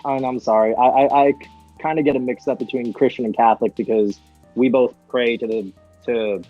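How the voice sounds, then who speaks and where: A man's voice: medium pitch, fairly even intonation, moderate pace, muffled recording, faint music behind. A young man, a guest singer, chatting casually on a podcast, hesitant with many fillers and restarts. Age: young adult.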